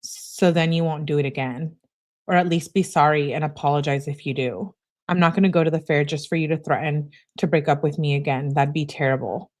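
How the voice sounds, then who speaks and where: A woman's voice: low-pitched, fairly even intonation, fairly quick, darkish tone. A young adult woman hosting a casual livestream, reading text messages aloud and chatting with viewers between them. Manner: reads messages aloud, interjects reactions to chat.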